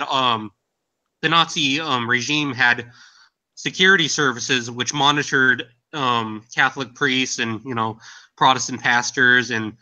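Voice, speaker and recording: A man in a casual podcast discussion, explaining facts in a hesitant way with frequent pauses. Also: mid-range voice, pushed and bright.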